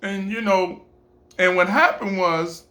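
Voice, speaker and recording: A man's voice: high voice, fairly even intonation, slow, sharp tone. A man casually telling a personal story, acting out other people's voices and laughing often.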